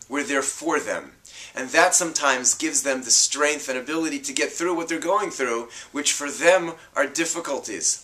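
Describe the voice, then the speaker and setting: An earnest rabbi speaks in a measured, scripted way about parenting. His voice is bright and forward at an ordinary pitch for a man.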